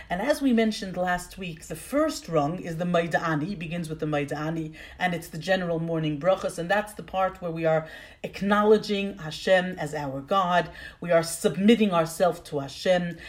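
A woman's voice: on the low side, a little mellow. A woman teaching an online class on prayer over a video call. She explains patiently and uses many fillers and restarts.

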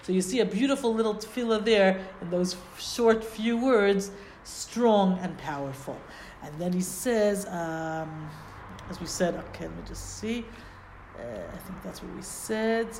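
A woman's voice: medium pitch, expressive, unhurried, darkish tone, a little hiss or hum. A woman giving a Torah lesson, explaining Hebrew phrases and asking rhetorical questions. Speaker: Torah teacher. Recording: roomy echo.

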